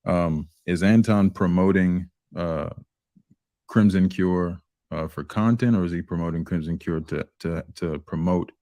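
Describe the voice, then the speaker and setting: A male panelist pressing pointed questions in a halting, probing way. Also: sits low, mellow, no room sound. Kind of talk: live panel discussion.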